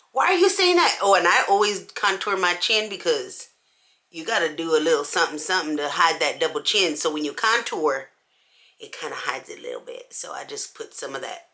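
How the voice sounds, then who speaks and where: A woman vlogger telling a story in casual slang while she does her makeup, acting out each person's lines. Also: deep voice. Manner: animated, acts out everyone's lines in the story; casual slangy talk with many "like"s. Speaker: beauty vlogger.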